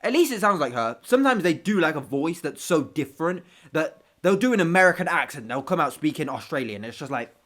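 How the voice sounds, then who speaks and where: A man's voice: a little high, sing-song, brisk, hardly any pauses, fairly bright tone. A man with street hosting a reaction video, ranting casually with profanity and self-mocking jokes.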